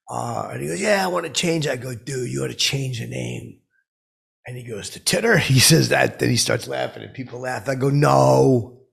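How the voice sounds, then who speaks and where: A man doing a gravelly, rambling blowhard. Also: medium pitch, a bit bright, exaggerated voice. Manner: rambling, self-aggrandizing, repeats "I go". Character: boastful, clueless middle-aged man telling tall tales. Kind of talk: improvised comedic monologue.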